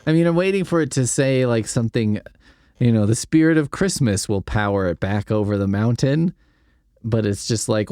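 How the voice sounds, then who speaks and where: Man, podcast host, sarcastic, incredulous, casual swearing, lively swooping pitch, dry close sound. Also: moderate pace, no room sound. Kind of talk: comedic solo commentary, reading a story aloud and mocking it.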